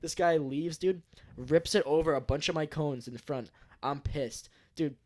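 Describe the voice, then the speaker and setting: A man's voice: fairly high pitch, a little slow, a little mellow. A man on a podcast telling a rambling work story in casual chat, swearing often and repeating slang fillers. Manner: rambling, swears a lot, peppers talk with "dude". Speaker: podcast co-host.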